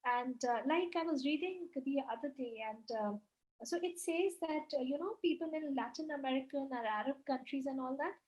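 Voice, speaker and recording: A woman's voice: high voice, normal speed, darkish tone, lo-fi sound. A woman giving an online webinar lecture, explaining at length with many fillers and frequent "right?" check-ins. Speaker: webinar speaker. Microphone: video call.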